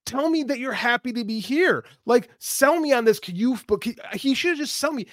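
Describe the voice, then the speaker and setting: Animated, ranting male podcast co-host. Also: extremely high pitch, normal speed, few pauses, no echo, studio quality. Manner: animated, emphatic, ranting opinions. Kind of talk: casual wrestling talk.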